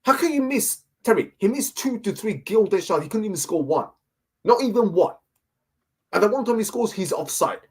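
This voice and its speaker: A man's voice: sits high, expressive, normal speed, a little mellow, husky. A man ranting as a football fan guest, repeating himself and asking "yeah?" over and over. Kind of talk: heated fan rant.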